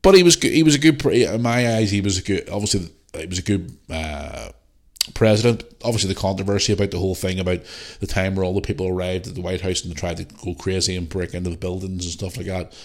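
A man's voice: sits low, fast. A man from Northern Ireland with a Northern Irish accent, hosting a casual solo podcast, blunt and opinionated, swearing freely and sniffly from the flu. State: getting over the flu, sniffly. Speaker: podcast host.

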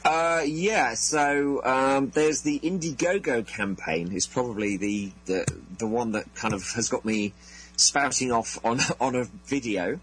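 A man with an English accent, a guest author speaking in a radio interview, halting and restarting often. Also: mid-range voice, fairly bright tone, slight background noise, rough recording. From United Kingdom. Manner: halting, repeats words and restarts. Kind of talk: interview over the phone line.

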